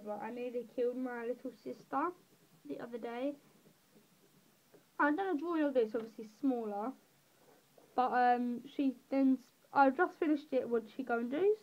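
A woman's voice: high-pitched, moderate pace, long pauses, dull audio. A teenage girl with a southeast English accent, rambling through a colouring tutorial with self-deprecating, giggly asides. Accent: English, southeast England. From England. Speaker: drawing tutorial creator. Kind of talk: casual voice-over while colouring.

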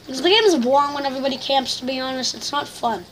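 A woman giving excitable, complaining live commentary over a shooter game she is playing, full of slang. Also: high voice, very fast, a crowd in the background. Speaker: gamer.

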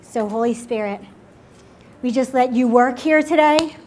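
A woman pastor leading an altar call and prayer in a church service, gently inviting and repeating her words. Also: a little high, a little slow, slight background noise.

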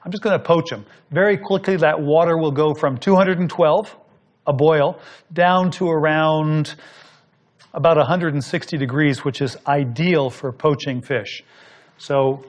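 A man hosting a cooking show, explaining each step in an easy, instructive way while he works. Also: a little high. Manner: explanatory, talks while working. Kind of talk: cooking demonstration.

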